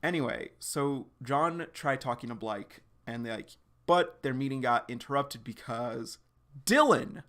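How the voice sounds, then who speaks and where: A man's voice: mid-range voice, animated, measured pace, fairly bright tone. A young man streaming a live reaction, recapping a comic chapter in a loose, slangy way full of "like" and the odd swear word.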